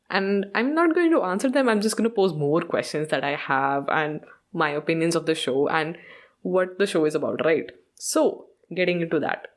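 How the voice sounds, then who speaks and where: A woman hosting a podcast, chatting casually about a show, mixing in Hindi and laughing often. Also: lowish voice. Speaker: podcast host.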